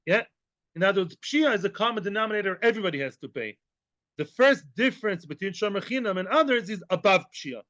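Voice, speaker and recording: A man, a rabbi, teaching a Talmud class in a lively way, mixing English with Hebrew and Aramaic terms and asking questions he then answers himself. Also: sits high, fast, no room sound. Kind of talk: Talmud lesson. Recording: dull, lo-fi and dry.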